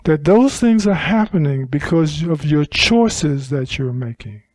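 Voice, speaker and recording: Slow, animated male dharma teacher. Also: fairly high pitch, no echo, studio quality. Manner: animated, unhurried teaching with emphatic repetition. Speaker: Buddhist teacher. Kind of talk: dharma talk. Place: retreat center hall.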